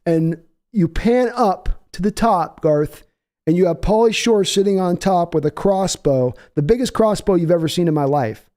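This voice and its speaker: Brief: rambling male stream host, warm-toned, casual play-by-play. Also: high-pitched, moderate pace. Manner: rambling, filler-heavy. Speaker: podcast host. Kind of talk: casual live chat with play-by-play.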